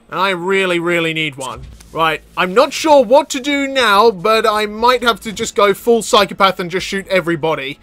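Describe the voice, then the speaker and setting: A man with a high, bright voice gives let's-play commentary over a video game. He yelps, cackles and chatters at what happens on screen, and faint game music plays behind him. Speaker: gaming YouTuber.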